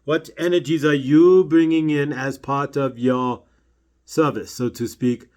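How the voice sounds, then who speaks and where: A man speaking as a spiritual channeler, delivering a slow, deliberate talk full of repeated questions. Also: on the high side, fairly even intonation, a little mellow.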